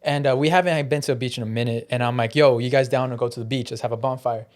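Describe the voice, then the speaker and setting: A young man, a podcast host, telling a story in casual chat, animated and swearing with lots of "bro". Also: mid-range voice, racing.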